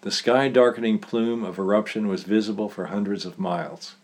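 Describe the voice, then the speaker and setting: A man reading his own short story aloud in a plain, steady way. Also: lowish voice, a little fast.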